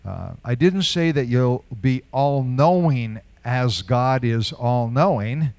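A man's voice: medium pitch, lively intonation, slow pace, a little mellow, no room sound. An older man preaching a sermon in a conversational way, asking rhetorical questions and chuckling now and then. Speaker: pastor.

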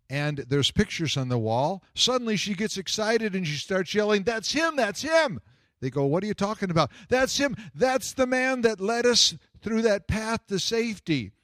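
A man's voice: mid-range voice, no echo. Storytelling male preacher, dry close sound. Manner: storytelling, asks the congregation questions. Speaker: pastor. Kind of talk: sermon.

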